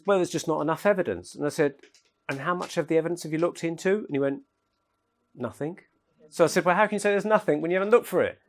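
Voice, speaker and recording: A man telling anecdotes in a relaxed, chatty lecture, laughing at his own jokes. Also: fairly high pitch. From England. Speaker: speaker at a paranormal talk. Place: lecture room at an event.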